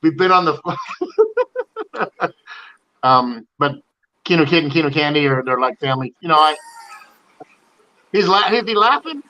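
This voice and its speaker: A man's voice: on the high side, lively intonation, moderate pace, long pauses, pushed and bright, lo-fi sound. A man guesting on an interview over a video call, telling stories in a rambling, emotional way and laughing often. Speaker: interview guest, slot channel creator. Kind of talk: casual storytelling on a video call.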